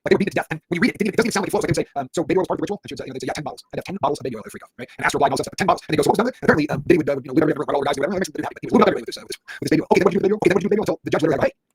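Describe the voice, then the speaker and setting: A middle-aged man giving rambling livestream commentary on a court case, pausing to read and answer viewer chat. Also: fairly high pitch, slightly rough. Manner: rapid, rambling, reads chat aloud.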